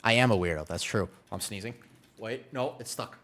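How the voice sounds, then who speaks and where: A man's voice: fairly low pitch, normal speed, a bit bright. A man streaming a game, chatty, explaining his moves while reading chat, with allergies making him sneeze. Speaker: streamer playing a tank. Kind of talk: live gameplay commentary.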